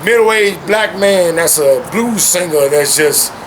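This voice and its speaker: Crowd noise fills the background as a young male guest speaks slowly in a high voice. Hanging out at home with his dogs, he keeps the conversation animated and loose, peppering it with slang and "man."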